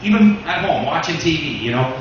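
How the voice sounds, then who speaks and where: A man's voice: on the high side, animated, brisk, recorded from a distance, highs cut off, a little hiss or hum. Amateur stand-up man in an echoey club. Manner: says "you know" a lot. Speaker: stand-up comedian. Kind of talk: stand-up routine. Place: small comedy club.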